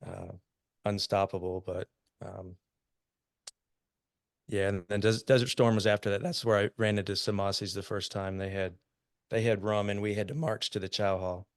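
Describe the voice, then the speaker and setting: A lower-voiced American man in his fifties tells old stories in an easy, chatty way, chuckling as he goes. His voice comes through smooth and resonant. The sound is dry and close. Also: level tone, normal speed, pauses often, no echo. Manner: laughs often while telling war stories. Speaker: podcast guest, army veteran. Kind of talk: casual storytelling.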